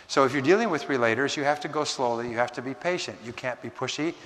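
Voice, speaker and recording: A man's voice: medium pitch, fairly bright tone, slight background noise. Man lecturing in a reverberant hall. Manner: measured, emphatic lecturing with dramatic slowdowns. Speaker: seminar speaker. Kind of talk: motivational seminar talk.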